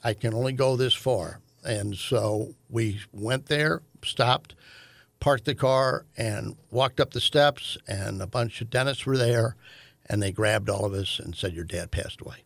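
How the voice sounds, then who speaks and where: An older man, telling a family story in a halting way with many fillers and restarts. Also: mid-range voice, creaky, no echo. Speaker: guest, host's father. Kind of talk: conversational storytelling.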